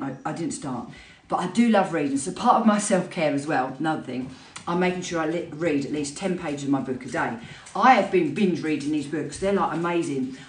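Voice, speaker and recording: A woman in her fifties talks openly and with animation, the way a fitness instructor chats to her followers. Her voice sounds a little far off in an echoey room. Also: low voice. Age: 50s. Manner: chatty, candid and animated. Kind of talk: casual talk to camera. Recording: roomy, voice from a distance.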